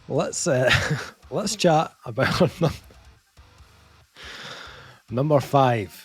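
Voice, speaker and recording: A man co-hosting a casual podcast chat. His voice has a husky, slightly breathy grain, and he takes his time. He keeps chuckling his way through the talk. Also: mid-range voice, animated, extremely slow, soft background music. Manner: giggly, laughs through his lines. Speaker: podcast co-host.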